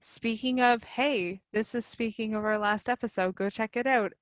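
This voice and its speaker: A woman's voice: on the high side, steady tone, normal speed, no echo, poor audio. A woman in her thirties co-hosting a podcast, talking casually and filling her speech with "like". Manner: chatty, peppered with "like". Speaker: podcast co-host. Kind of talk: casual chat.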